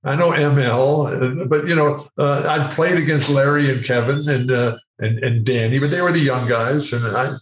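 An older man spins an animated anecdote as an interview guest, slipping into the voices of the people in it. His voice sits at an average pitch and carries a roomy echo. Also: normal speed, few pauses. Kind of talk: storytelling in an interview.

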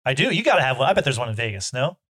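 Fast-talking, halting man. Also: medium pitch, sing-song, a bit bright, slightly rough. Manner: fast, halting, self-correcting. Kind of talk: casual chat.

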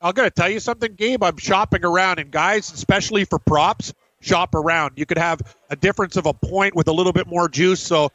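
A man's voice: high voice, fairly quick, hardly any pauses, a bit bright, no room sound, lo-fi sound. A man co-hosting a sports betting show, telling stories in a heated, emphatic way. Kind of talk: casual sports betting chat.

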